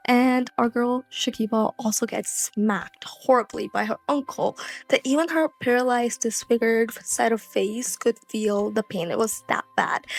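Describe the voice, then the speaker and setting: A young woman reads a novel aloud for her channel, breaking off into chatty, blunt asides. Her voice sits on the high side. Soft music plays faintly behind her. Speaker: host reading an audiobook. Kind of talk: casual audiobook reading with chatty asides.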